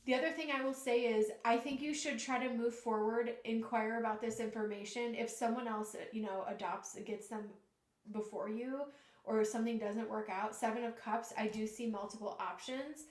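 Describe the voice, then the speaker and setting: Female tarot reader, higher voice, earnest and halting, roomy echo. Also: fairly even intonation. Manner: earnest, emotional, halting with restarts. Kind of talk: live tarot reading.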